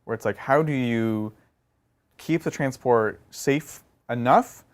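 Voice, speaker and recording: A man co-hosting a casual podcast in a mid-range voice. He is chatty and gets easily excited, bursting into loud, laughing exclamations between his answers. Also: medium pitch, slow pace. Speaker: podcast co-host. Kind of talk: casual chat answering questions.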